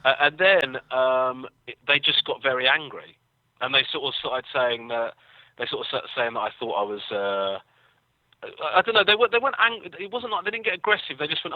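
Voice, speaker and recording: An English man rattles through rambling stories with dry, self-deprecating wit. He talks quickly, and the sound is dry and tinny, as if over a phone line. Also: mid-range voice, animated, dry recording. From England. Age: young adult. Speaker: guest comedian. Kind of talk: casual storytelling.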